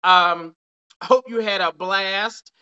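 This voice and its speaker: Slow and steady, this live dating show host speaks in a high, sharp, clean voice over lo-fi sound. Upbeat and talkative, he keeps restarting himself while chatting casually on the stream, and by late in the night he's losing his voice.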